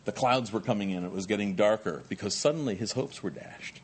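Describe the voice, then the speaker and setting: A middle-aged male pastor preaching a sermon in a lively, conversational way with jokey asides. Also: on the low side, brisk, slight background noise.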